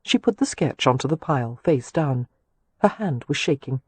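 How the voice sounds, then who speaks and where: A woman reads an audiobook with measured, steady storytelling. Her voice is soft and a little husky, recorded close and dry with no room around it. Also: sits low, no echo. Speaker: audiobook narrator. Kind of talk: scripted audiobook narration.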